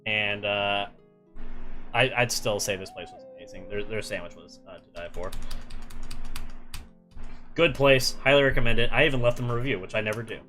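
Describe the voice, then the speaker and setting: A man's voice: on the low side, normal speed, long pauses, bright, forceful tone, soft background music. A young man streaming while he draws, telling a travel story in a rambling, casual way with many fillers and restarts.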